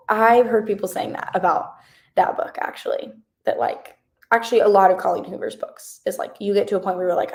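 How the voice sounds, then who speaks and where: A woman's voice: medium pitch, fairly even intonation, brisk, a little mellow. A young woman in her twenties hosting a live reading stream, chatting casually and answering comments in a bubbly, rambling way. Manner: bubbly and chatty, reading chat comments aloud, many fillers. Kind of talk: casual livestream chat.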